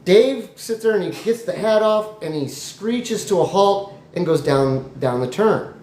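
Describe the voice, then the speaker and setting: A man improvising a comic story in a rambling, animated way with jokey asides. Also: high-pitched, measured pace. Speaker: comedy storyteller. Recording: echoey room, faint noise.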